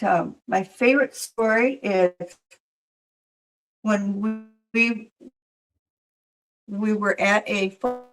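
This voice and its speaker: On a low-quality recording, a medium-pitched woman who works as a professional Mrs. Claus shares a story in a casual interview. She tells it with animation, taking on the voices of the people she quotes.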